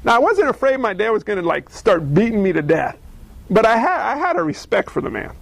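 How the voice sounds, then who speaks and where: A man preaching a sermon, telling stories in a conversational, animated way and asking the audience questions. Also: high voice, brisk, gravelly. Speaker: pastor.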